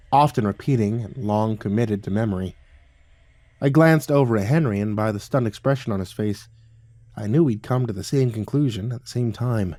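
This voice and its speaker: A man narrating a scripted horror story in a calm, measured way. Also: lowish voice, dry recording.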